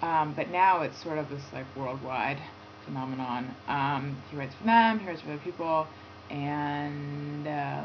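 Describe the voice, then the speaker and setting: A woman's voice: low-pitched, a little slow. A woman hosting a comedy talk show, telling a rambling self-deprecating story and chatting with a guest. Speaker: host. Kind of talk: casual chat and phone interview. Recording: lo-fi with faint noise.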